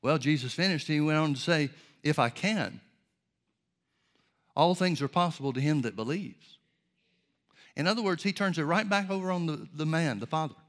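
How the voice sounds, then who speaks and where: An earnest male preacher delivering a sermon with a slightly high voice. He teaches in a measured way and often pauses to pose rhetorical questions.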